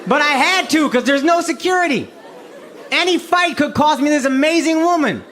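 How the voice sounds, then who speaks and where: A man's voice: very high voice, expressive, moderate pace, fairly bright tone, slight background noise. An American man in his thirties from Texas doing brash, profane stand-up comedy with crowd work, recorded live on stage.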